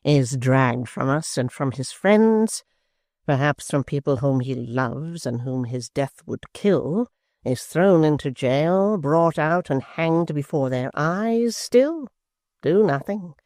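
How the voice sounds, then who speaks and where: A reader voicing a sly, smooth-talking male secretary who speaks coldly and slowly, sometimes close to a whisper. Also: mid-range voice, lively intonation, a little mellow, no room sound. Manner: silky, slow and cold, sometimes near a whisper. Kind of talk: audiobook character voice.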